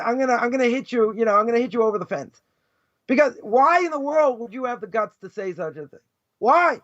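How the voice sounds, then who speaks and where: Fiery high-voiced rabbi. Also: male voice, no echo. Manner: loud, passionate, sarcastic, quick mock voices for others. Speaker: rabbi teaching a lesson. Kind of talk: fiery lesson. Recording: dull, dry close recording.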